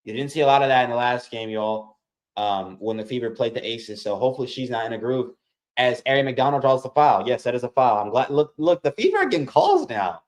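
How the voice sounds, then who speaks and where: During a laid-back watch-along, a man speaking at medium pitch and a fairly quick clip narrates the basketball action play by play. He's excitable and keeps turning to his viewers with "y'all."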